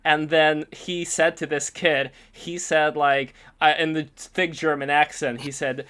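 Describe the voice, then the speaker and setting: Animated man telling stories. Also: fairly high pitch, measured pace, few pauses, smooth. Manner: animated storyteller, swears freely. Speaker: artist streamer. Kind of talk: casual chat.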